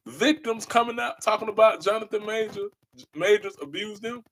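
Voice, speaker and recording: A man's voice: high-pitched, normal speed, pushed and bright. A man hosting a podcast, delivering a passionate monologue in an emphatic, preachy way and repeating his key phrases. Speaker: podcast host.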